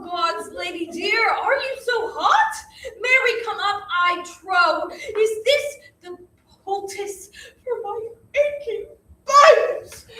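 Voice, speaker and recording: A woman's voice: very high-pitched, bright, forceful tone, exaggerated voice. A woman playing a groaning, fussy old nurse. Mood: teasing. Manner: groaning, dramatic complaining. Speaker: amateur stage actor. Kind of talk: unrehearsed stage reading. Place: theater stage. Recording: echoey hall, distant mic, faint noise.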